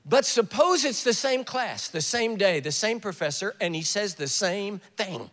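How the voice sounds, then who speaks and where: Older male preacher, high animated voice, storytelling, joking asides, echoey hall. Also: a little slow, hardly any pauses. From US South. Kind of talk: sermon.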